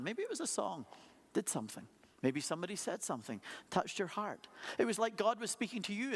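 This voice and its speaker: A pastor preaching a sermon, telling stories in a conversational way with playful asides. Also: male voice, high voice, a bit bright. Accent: non-local accent. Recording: long hall reverb.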